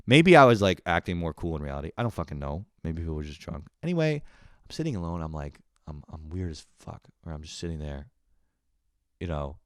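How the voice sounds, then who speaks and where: A man's voice: low voice, big pitch swings, fairly quick, no room sound, clean studio sound. A man hosting a podcast, telling a casual comedic story with lots of swearing and acting out his own panicked inner voice. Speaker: podcast host.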